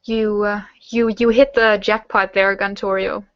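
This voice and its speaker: A woman's voice: mid-range voice, little pitch movement, measured pace, fairly bright tone, dry recording, muffled recording. A young German woman answering viewer questions in a casual online hangout, rambling with lots of fillers as she reads questions aloud and answers them.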